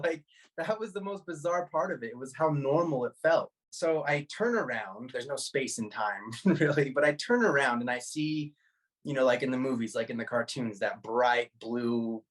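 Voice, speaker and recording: Animated man in his thirties telling a story. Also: mid-range voice. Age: 30s. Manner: animated, laughs often, laid-back slang. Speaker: podcast guest. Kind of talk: casual personal storytelling.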